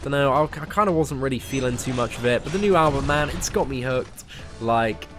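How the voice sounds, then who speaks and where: A man's voice: medium pitch, fairly quick, music in the background. A young man with a southern English accent, chatting casually on a game live stream, rambling and restarting his sentences. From Surrey, southern England. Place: parents' garden, outdoors.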